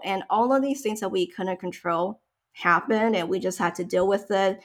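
A woman's voice: mid-range voice, normal speed. Chatty young woman telling a story. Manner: chatty, emotional, tearful at times. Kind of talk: casual chat.

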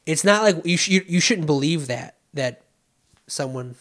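A man's voice: fairly high pitch, animated, normal speed, a bit bright. A man chatting casually with friends, rambling with many restarts and fillers. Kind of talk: casual chat.

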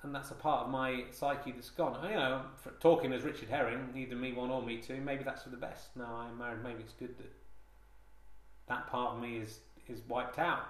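His delivery is flat and moderately paced, pitched in the middle range. The man is hosting a comedy podcast and meanders through a mock-solemn speech riddled with hesitations and restarts. A handheld digital recorder captures it in an echoey room.

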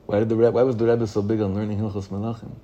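A man teaching a class as a rabbi. He reads a text aloud, explains it line by line, and grows lively when he quotes excited children. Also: racing, muffled recording. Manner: animated, pitch rising when reading children's excited questions. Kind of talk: Torah lesson.

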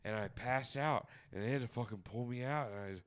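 Brisk and mid-range in voice, a man spins a profane, animated story on a casual podcast, heavy with filler words.

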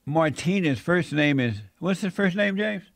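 A man's voice: fairly high pitch, lively intonation, measured pace, vocal fry, no echo. A man hosting a talk radio show, bantering with his guests and laughing between lines.

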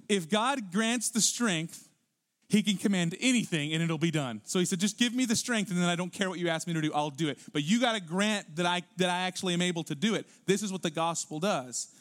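In a church sanctuary, a male pastor delivers an animated sermon, climbing to loud, emphatic peaks and then dropping into quiet, low asides.

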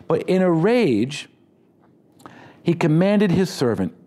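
A man's voice: fairly high pitch, sing-song, takes it slowly, pauses often, dark tone. A man preaching a sermon in a conversational, humorous style, with asides to the congregation. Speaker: pastor.

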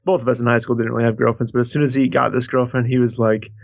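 Podcast cohost dude, casual and sweary, laughs a lot, totally dry close mic. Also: male voice, medium pitch, level tone, very fast, gravelly, dry recording. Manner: loose, profane, laughs often. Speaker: podcast co-host. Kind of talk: casual comedic chat.

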